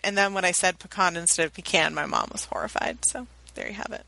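A woman's voice: mid-range voice, expressive, fast talker, hardly any pauses, pushed and bright, dry recording, rough recording. A woman co-hosting a podcast in a playful, teasing casual chat, laughing often. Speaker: podcast co-host.

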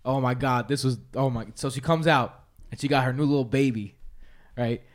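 A man's voice: mid-range voice, normal speed. A man telling funny stories in a casual chat with friends, acting out the voices of the people in them. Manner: animated storyteller, acts out quotes.

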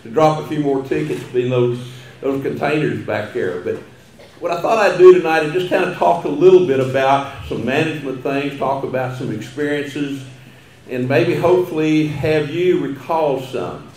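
A man's voice: on the high side, normal speed, a little mellow, a little hiss or hum. Older Texan man, folksy after-dinner storyteller who chuckles often, recorded in a roomy banquet hall. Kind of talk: humorous banquet speech.

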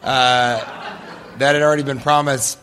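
Taking questions from a live audience, this man tells stories with plenty of jokes and frequent laughter. His mid-range voice is sharp in tone, level, and moves at a moderate pace.

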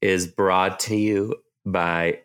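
A young man co-hosting a casual podcast, animated and joking with quick asides. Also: low voice, clean tone. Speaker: podcast co-host. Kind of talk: casual chat.

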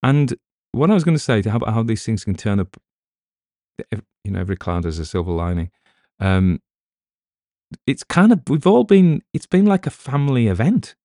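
A man's voice: medium pitch, mellow, dry recording, clean studio sound. A middle-aged man with a British accent, an audiobook narrator rambling in casual chat with wry asides.

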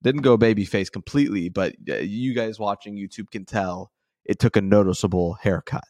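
Deep-voiced man rambling on a podcast. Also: normal speed, darkish tone, dry recording, studio quality. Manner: rambling, self-deprecating, many fillers. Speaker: podcast co-host. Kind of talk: casual sports podcast chat.

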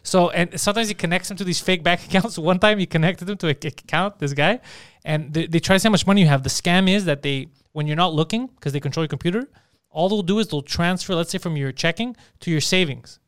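A man chatting casually on a podcast, telling stories in an animated, profane way and slipping into mocking voices for quotes. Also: sits high, quick pace, smooth, dry recording, studio quality. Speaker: podcast co-host. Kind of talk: casual chat, storytelling with acted quotes.

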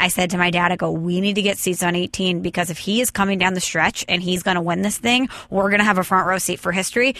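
A woman's voice: medium pitch, pushed and bright, dry recording. A young woman hosting a podcast, chatting enthusiastically and telling stories at length. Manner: enthusiastic, talkative storyteller. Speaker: podcast host. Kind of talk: casual chat.

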